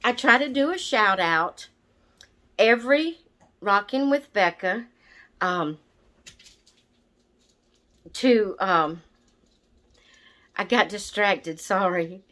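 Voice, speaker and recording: A woman's voice: medium pitch, expressive, pushed and bright. A woman chatting casually to camera as a vlogger, a little out of breath from asthma and easily sidetracked. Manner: slow, chatty, easily distracted. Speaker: doll channel vlogger.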